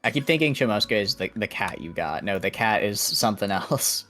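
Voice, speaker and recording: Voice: low voice, expressive, fairly quick, fairly bright tone, faint music behind. A co-streamer chatting casually during a game, rambling and joking at their own expense. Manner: chatty, self-mocking, rambling.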